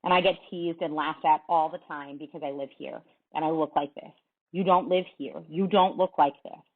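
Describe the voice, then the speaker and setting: A woman reading aloud as a pleading, upset teenage boy, her voice pitched up and shaky. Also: steady tone, normal speed. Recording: tinny phone-like sound.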